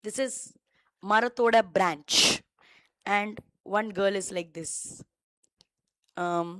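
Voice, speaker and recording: A woman's voice: mid-range voice, normal speed, a bit bright, no echo, rough recording. A woman teacher with a Tamil-influenced Indian English accent, giving a law lecture, repeating key phrases and quizzing students by name.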